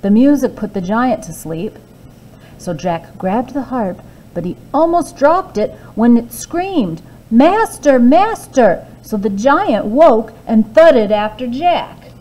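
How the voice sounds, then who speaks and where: A woman librarian reading a fairy tale aloud to children, expressive with hushed asides. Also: on the high side, takes it slowly, low-quality recording.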